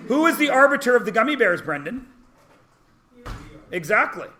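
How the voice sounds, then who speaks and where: A man teaching a math class, lecturing in a brisk, teasing way and peppering students with rhetorical questions. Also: very high-pitched, big pitch swings, pushed and bright. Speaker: high school math teacher.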